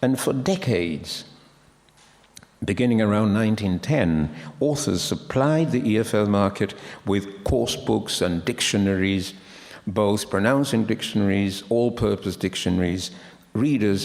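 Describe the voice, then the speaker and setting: A man's voice: lowish voice, a little slow, darkish tone. A man giving an academic lecture on pronunciation, explaining and quoting sources, in a lecture hall. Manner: explanatory, quotes sources, with frequent restarts.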